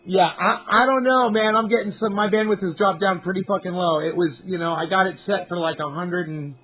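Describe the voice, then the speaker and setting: A man's voice: high-pitched, fairly even intonation, a little fast. A man chatting casually on a live stream from up on a mountain, rambling, swearing freely and talking to his viewers. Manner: rambling, profane, talks to chat viewers. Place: outdoors up on a mountain. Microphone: cell phone. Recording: tinny phone-quality stream audio.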